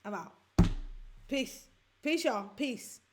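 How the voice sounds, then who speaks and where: A woman from the Bronx in her forties, hosting a reaction show and talking to her listeners in a heartfelt, halting way. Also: on the high side, expressive, a little hiss or hum. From the Bronx, New York. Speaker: podcast host. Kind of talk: emotional reaction chat.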